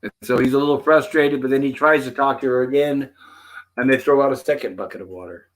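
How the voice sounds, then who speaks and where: A man's voice: medium pitch, fast talker. A man hosting a casual show, retelling scenes and quoting the characters' lines. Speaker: host. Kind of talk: casual episode commentary.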